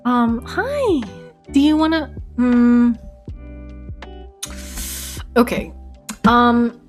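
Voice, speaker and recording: A woman's voice: a little high, sing-song, very slow, pauses often, soft background music. Giggly woman streamer chatting. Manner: bubbly, giggly, rambling. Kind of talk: casual live-stream chat. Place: home desk setup.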